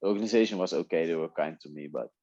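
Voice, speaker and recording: Deep-voiced man, Dutch as first language. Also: racing, no echo, dull audio. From Netherlands. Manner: relaxed storytelling with frequent laughs and restarts. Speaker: guest, MMA fighter. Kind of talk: casual interview talk.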